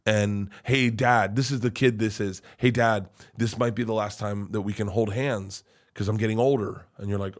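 A man's voice: on the low side, fairly even intonation, normal speed, few pauses. A middle-aged man, a podcast guest, telling personal stories in a loose, rambling way, with lots of swearing, restarts and laughter. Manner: rambling, profane, emotional, with frequent restarts and laughs. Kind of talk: casual storytelling chat.

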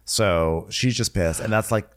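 A man's voice: lowish voice, unhurried, a bit bright. A man co-hosting a podcast, drily recounting reality-show drama in casual chat. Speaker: podcast co-host.

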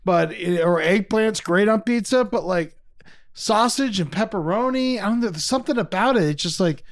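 A man co-hosting a podcast, chatting casually with lots of swearing and animated storytelling. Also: high-pitched, moderate pace. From Polish heritage. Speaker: podcast co-host. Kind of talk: casual chat.

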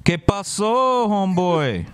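A man voicing a crude streetwise Mexican homeboy caricature with a put-on Mexican accent, loud and slangy, over a voice call. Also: high voice, sing-song, slow, clear, resonant tone, dry recording, pitched above the performer's own voice, heavily acted. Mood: swaggering. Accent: put-on Mexican-accented English. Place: online voice call.

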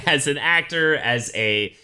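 Animated, bright-voiced man hosting a podcast. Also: fairly high pitch, takes it slowly, clean tone, soft background music. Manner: animated, joking. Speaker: podcast host. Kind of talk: casual podcast narration.

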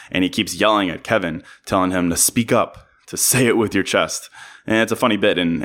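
A man's voice: deep voice, a bit bright. A man hosting a podcast, giving an earnest motivational monologue and repeating his key phrases for emphasis. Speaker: podcast host.

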